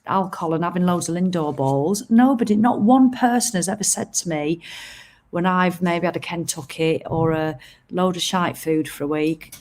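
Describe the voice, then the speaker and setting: A middle-aged woman with a lowish, slightly mellow voice chats at a moderate pace to viewers on a live stream from a seaside promenade. She rambles, speaks bluntly and frankly, and swears mildly.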